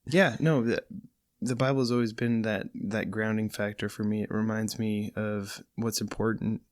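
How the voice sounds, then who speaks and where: A man's voice: fairly low pitch, steady tone, normal speed, no room sound. A man from California, a podcast guest in a studio, talking earnestly and reflectively. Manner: earnest, reflective, speaks about faith. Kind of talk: casual podcast conversation.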